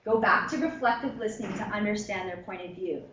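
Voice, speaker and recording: A woman teaching a professional workshop in a relaxed, conversational way, with many fillers and short acted-out exchanges. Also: mid-range voice, brisk, reverberant, a little hiss or hum, low-quality recording. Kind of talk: lecture to a professional audience. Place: meeting room.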